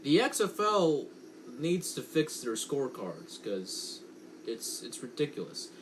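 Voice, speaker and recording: A young man calls a football game from home in a slow, unhurried way, stopping to correct himself and make chatty asides. His voice sits at an ordinary middle pitch. A faint hum of room noise sits under the recording. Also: very animated. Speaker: amateur play-by-play commentator. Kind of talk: casual watch-along commentary.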